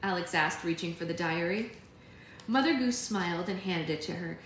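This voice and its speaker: A woman reading a novel aloud in a steady storybook narration as host of a live book club. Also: on the low side, normal speed. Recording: echoey room with faint hiss.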